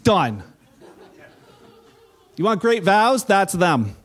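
A middle-aged pastor preaches in a high voice, talking to his church like a conversation. He slips playfully into the voices of the people he quotes. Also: sing-song, drawn-out words, fairly bright tone, soft background music. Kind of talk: sermon.

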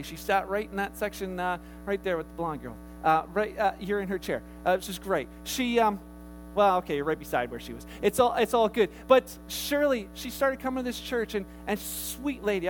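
A pastor delivers his sermon in a notably high male voice. He tells stories loosely and lively, often restarting a sentence or slipping in an aside. Soft music lingers faintly beneath him in the church. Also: fairly quick, rough recording. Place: church sanctuary.

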